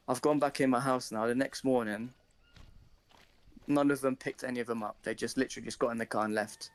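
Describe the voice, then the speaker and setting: A young man on a live stream, telling a story casually, swearing a lot and acting out his own shouting. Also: mid-range voice, fairly even intonation, quick pace.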